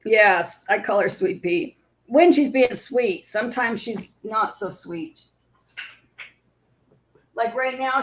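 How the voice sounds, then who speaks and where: A woman's voice: fairly high pitch, slight background noise. A woman hosting a casual live stream, chatting with viewers and cooing at her puppy.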